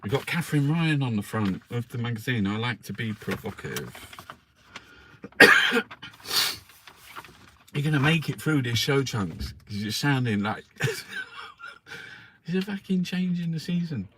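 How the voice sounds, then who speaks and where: A man's voice: mid-range voice, huge pitch swings, measured pace, long pauses, a little hiss or hum. A man who reviews the newspapers in an angry, profane political rant. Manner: angry, profane, swears constantly.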